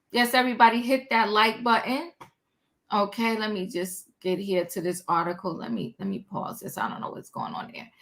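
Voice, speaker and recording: Bright-voiced chatty woman host. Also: a little high. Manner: chatty, slangy, exclaims and greets viewers. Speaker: livestream host. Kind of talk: casual commentary livestream.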